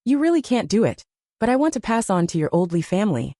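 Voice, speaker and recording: A woman's voice: medium pitch, sing-song, quick pace, warm tone, no echo, clean studio sound. A woman voicing a guilty, frantic old woman who pleads and rants, in a storybook reading. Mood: tearful pleading.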